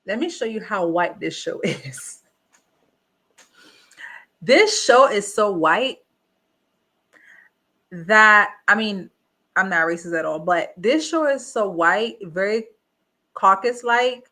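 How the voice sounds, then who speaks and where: A woman's voice: mid-range voice, a little slow, pushed and bright. A woman hosting a live reality show review, talking bluntly and asking the same rhetorical questions again and again. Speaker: reaction host. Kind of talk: casual live review commentary.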